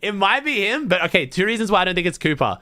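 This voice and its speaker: A man's voice: sits high, sing-song, fast, sharp tone, no room sound, studio quality. An Australian man streaming to his chat, thinking aloud in blunt, casual talk full of swearing. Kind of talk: casual livestream chat to viewers.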